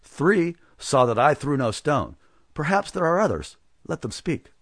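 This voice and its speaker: A man's voice: on the high side, very animated, a bit bright, dry recording, clean studio sound, voice pushed up, exaggerated voice. A man reading the part of a supernatural young stranger who speaks pleasantly and mockingly in a storybook reading. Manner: pleasant, scoffing, unhurried.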